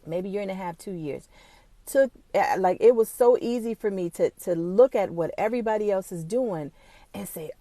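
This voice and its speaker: A woman's voice: mid-range voice, moderate pace, dark tone, dry recording. A woman who runs her own small business, talking straight to camera in a casual, motivational way, blunt and swearing freely, at times close to tears. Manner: emotional, fighting back tears.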